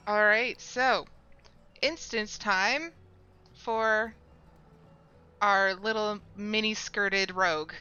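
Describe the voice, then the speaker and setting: A woman's voice: medium pitch, drawn-out words, pauses often, pushed and bright, clear, resonant tone, lo-fi sound, soft background music. A woman streaming a video game, chatting casually to her viewers as she plays. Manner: chatty, talks to viewers while playing. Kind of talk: casual live-stream commentary.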